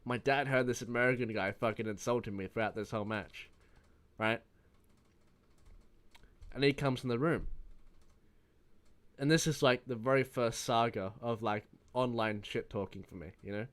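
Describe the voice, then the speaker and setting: Rambling, swearing young Australian gamer. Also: male voice, medium pitch, moderate pace, pauses often. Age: around 20. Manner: rambling, profane, laughing storyteller. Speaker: gaming YouTuber. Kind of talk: casual opinion vlog.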